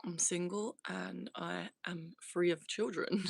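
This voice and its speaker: A woman's voice: fairly low pitch, steady tone, slow pace, gravelly, breathy edge, no echo. British female livestream host, loose and giggly, reads chat aloud, dry voice with no room. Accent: British English. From Britain. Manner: laughs often, loose and swears casually. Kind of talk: casual live chat answering viewer comments.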